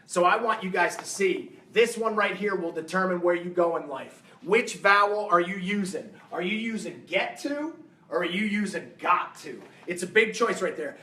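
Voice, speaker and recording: A man giving an energetic, emphatic motivational talk to a live seminar audience, firing rhetorical questions at them. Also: sits high, moderate pace. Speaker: fitness coach and motivational speaker. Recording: roomy hall sound, mic at a distance.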